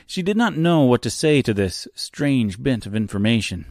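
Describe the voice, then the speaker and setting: A man narrating a chapter of a novel as an audiobook, in a measured storytelling way. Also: medium pitch, very animated, darkish tone, no echo, studio quality.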